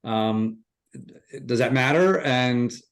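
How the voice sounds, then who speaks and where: A man's voice: medium pitch, slow pace. Rambling male interview host. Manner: rambling, restarts, encouraging. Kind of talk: casual interview questions.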